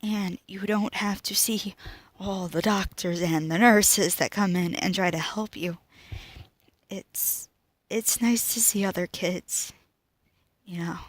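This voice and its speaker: Teenage girl talking slowly, close and dry. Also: mid-range voice, steady tone, no echo. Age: teens. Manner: emotional, halting, often drops to a whisper. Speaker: student vlogger. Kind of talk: personal talk to camera.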